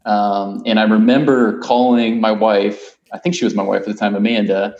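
A middle-aged man recounts an old story slowly, stopping and restarting, with a dry sense of humor. His voice sits in a roomy, echoing space with a faint hiss behind it. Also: on the low side, flat delivery, a little mellow, dull audio. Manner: halting, filler-heavy, dry humor. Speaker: guest. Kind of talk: casual storytelling chat.

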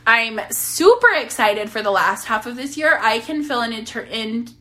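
A woman's voice: fairly high pitch, normal speed, bright, forceful tone. A young woman vlogger and business coach chatting casually, bubbly, swearing freely and laughing often. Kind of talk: casual chat. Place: sitting on a closet floor.

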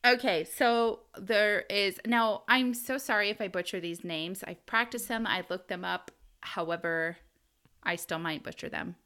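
A woman's voice: mid-range voice, measured pace, pushed and bright. A woman co-hosting a casual podcast, chatty and self-deprecating, laughing often as she walks through her research. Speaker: podcast co-host presenting the episode research.

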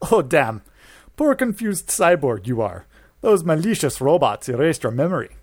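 A man's voice: fairly high pitch, big pitch swings, normal speed, slightly rough, no room sound, clean studio sound, full character voice. A man voicing a confused, pushy Ukrainian boy chatbot in a mock Ukrainian accent.

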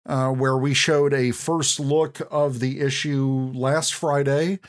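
A man co-hosting a casual podcast, reading the intro and patron list with quick energy. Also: medium pitch. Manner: lively, quick reads of sponsor and patron lists. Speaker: podcast co-host.

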